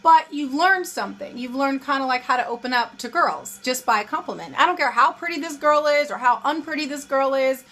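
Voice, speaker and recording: Bright, high-voiced young woman giving dating tips. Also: fairly quick, hardly any pauses. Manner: chatty, acts out both sides of pickup lines. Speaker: dating advice vlogger. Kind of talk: casual advice monologue.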